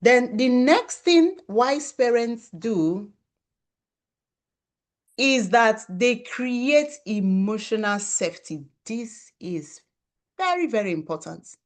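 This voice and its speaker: A woman's voice: on the high side, expressive, slow pace. Emphatic woman lecturing parents. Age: adult parent of children. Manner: emphatic, repeats key phrases for stress. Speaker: parenting speaker. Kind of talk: motivational talk to parents.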